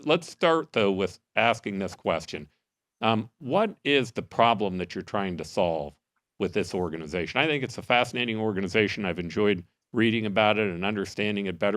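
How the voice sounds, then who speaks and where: With a lowish voice recorded cleanly in a studio without echo, a man hosts a podcast. He starts with a sincere, cheerful intro before questioning his guests in an earnest, patriotic, lively manner.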